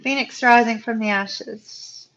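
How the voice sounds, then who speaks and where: Emotional tarot reader with a lilt. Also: female voice, on the high side, fairly even intonation, slow pace, a bit bright, dull audio. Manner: emotional, talks to viewers as "y'all". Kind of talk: live-stream tarot reading.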